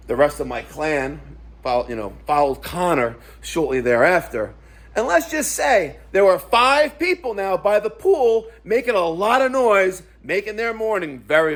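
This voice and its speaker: A man's voice: high-pitched, moderate pace. A middle-aged man telling an indignant, profane story to his viewers as a vlogger. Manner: indignant, profane, animated retelling. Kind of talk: storytelling rant to camera.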